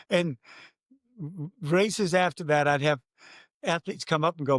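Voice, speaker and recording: An older man, a race announcer, telling stories in a podcast interview, animated and acting out his own quotes. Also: fairly high pitch, normal speed, long pauses, dry recording, clean studio sound.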